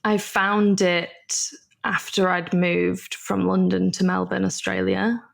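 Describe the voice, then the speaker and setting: A woman in her early thirties with a gravelly edge to her voice. She speaks as a guest in a relaxed podcast interview. Her storytelling is chatty and comes in quick bursts. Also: mid-range voice. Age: 30s. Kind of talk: casual interview chat.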